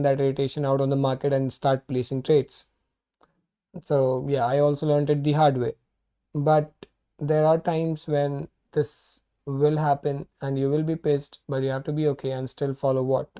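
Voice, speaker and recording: A man talks through his trades on a live stream, his voice mellow and dark. He sounds irritated, swears often, and reasons aloud about his choices. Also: medium pitch, flat delivery, moderate pace, clear, resonant tone. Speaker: livestream trader. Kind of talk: live trading commentary.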